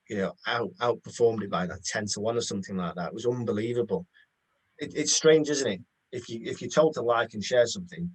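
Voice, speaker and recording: A man's voice: fairly low pitch, low-quality recording. A man giving conversational business advice, telling anecdotes hesitantly with many ums.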